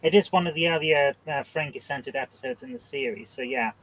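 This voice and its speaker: A man's voice: medium pitch, fast talker, a bit bright, low-quality recording. A man from County Durham, England, competing in a trivia quiz and trading witty jokes. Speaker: quiz contestant. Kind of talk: casual chat.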